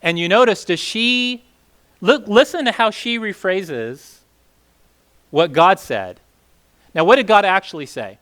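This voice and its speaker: A man's voice: sits high, expressive, measured pace, long pauses, a bit bright. A man leading a casual Bible teaching session, talking conversationally with many fillers and asking the group questions.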